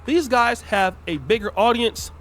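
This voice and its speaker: A man speaking in a measured, explanatory way about culture and marketing. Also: very high voice, animated, fairly bright tone.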